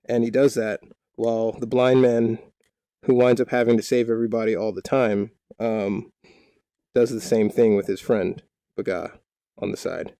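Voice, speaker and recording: A male dungeon master recaps the party's downtime in a loose, rambling way, cracking jokes as he goes. His voice is mellow and mid-pitched, and the recording is dry. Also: steady tone, unhurried, dry recording. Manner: rambling, joking, full of fillers. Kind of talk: casual storytelling recap.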